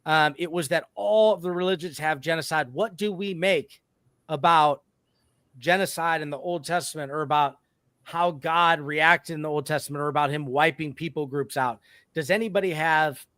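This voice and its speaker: Speaking at a normal speed in a voice on the high side, a little bright and with no echo, a podcast host chats casually. His talk rambles, and he keeps cutting himself off to restart sentences.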